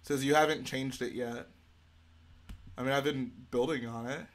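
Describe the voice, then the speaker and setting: A relaxed young man chats casually on a live stream while he works on a build. He reads viewer questions aloud and answers them one after another, easygoing and unhurried, at a middle pitch. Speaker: livestream host.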